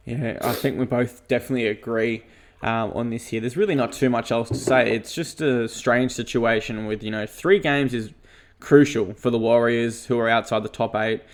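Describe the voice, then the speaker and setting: A man's voice: medium pitch, steady tone. Earnest man hosting a podcast. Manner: earnest, measured, leads the segments. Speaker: podcast co-host. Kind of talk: casual sports chat.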